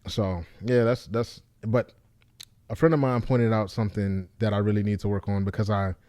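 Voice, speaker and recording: A man who is a stand-up comedian, talking casually to camera in a low, deep, monotone voice with loose fillers. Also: normal speed, dry recording, clean studio sound. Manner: loose, repeats himself with fillers like "you know what I'm saying".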